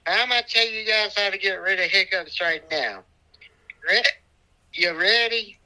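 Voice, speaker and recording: A drunk man with hiccups, trading loud, profane comedic banter over a phone from a hospital room. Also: sits high, measured pace, low-quality recording. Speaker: comedy show regular.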